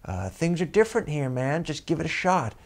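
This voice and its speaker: A man's voice: on the high side, sing-song, brisk, voice pushed up. A man doing a sly, shifty inner voice. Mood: coaxing. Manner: sly, coaxing. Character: shifty little inner voice urging a young man.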